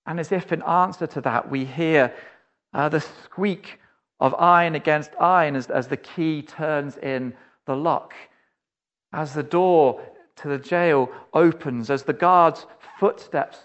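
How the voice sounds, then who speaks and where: A male preacher tells a vivid story within his sermon, speaking straight to the listener. He often sinks into a soft, low, pleading tone and takes his time.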